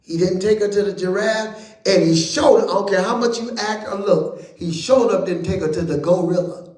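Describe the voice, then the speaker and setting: High-voiced preacher in an echoey church. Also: male voice, moderate pace, darkish tone. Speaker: bishop teaching Bible study. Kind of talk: lively preaching to a congregation.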